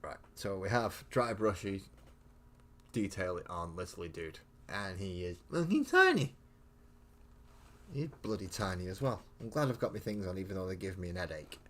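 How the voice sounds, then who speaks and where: A man's voice: sits low, brisk. A man chatting casually and rambling with mild swearing as he live-streams painting miniatures.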